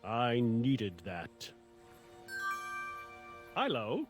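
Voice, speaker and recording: An actor playing a showy, self-adoring young knight who refers to himself in the third person, heard in game audio over music. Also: male voice, mid-range voice, huge pitch swings, extremely slow, heavily acted. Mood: boastful.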